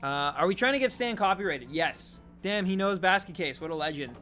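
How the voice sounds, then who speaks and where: A man from Canada with a high-pitched voice hosts a casual livestream. He rambles, jokes and answers his chat as it comes in. Soft background music plays under his desk-mic talk. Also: animated, a little fast. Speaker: streamer.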